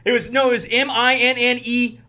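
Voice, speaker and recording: A man's voice: very high-pitched, level tone, bright, forceful tone. A man co-hosting a sports podcast in casual chat, laughing often and riffing with friends. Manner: laughs often, quick banter. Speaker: podcast co-host.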